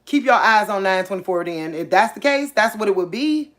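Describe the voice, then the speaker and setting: A woman, hosting a casual faith channel, talking excitedly and thinking aloud, repeating herself as she works things out. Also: medium pitch, brisk. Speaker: online faith channel host. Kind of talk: casual livestream talk.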